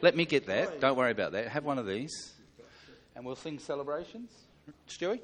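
A man in a church leading the congregation in a song, brisk and jovial. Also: mid-range voice, very animated, crowd noise. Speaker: song leader. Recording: congregation noise close around.

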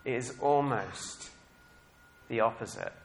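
A male preacher giving a sermon at a middling pitch. He talks in an animated way and laughs often. His voice swings from quiet, reflective passages to loud, excited bursts. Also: slow pace, vocal fry, slight background noise.

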